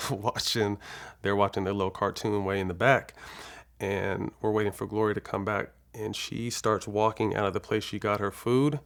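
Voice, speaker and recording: In a low, gravelly voice, an ex-basketball player from California tells a story from his life during an interview. His manner is relaxed and conversational, loose with filler words and profanity.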